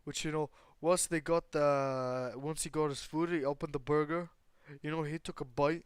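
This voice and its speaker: A man's voice: on the high side, fairly even intonation, moderate pace, clear, resonant tone, dry recording. A young man improvising a fan story, rambling with constant fillers, restarts and casual swearing.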